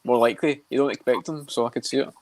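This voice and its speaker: A man co-hosting a podcast, riffing quickly and swearing between laughs. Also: medium pitch, steady tone, dry recording. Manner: quick, profane, laughing riffs. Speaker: podcast co-host. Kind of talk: casual podcast chat.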